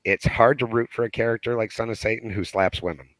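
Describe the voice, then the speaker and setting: Hoarse man with a cold, chatting. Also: on the low side, fast talker, a bit bright, no room sound, rough recording. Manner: chatty, laughing, many restarts. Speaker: guest, podcast listener. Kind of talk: casual chat. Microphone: video call.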